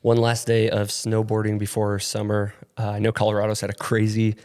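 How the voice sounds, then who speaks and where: A man's voice: on the low side, monotone, a little fast, a little mellow. Nasally young man chatting on a podcast. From upstate New York. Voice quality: nasally, congested from allergies. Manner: rambling, laughing, filler-heavy. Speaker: podcast co-host. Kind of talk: casual chat. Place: rented studio.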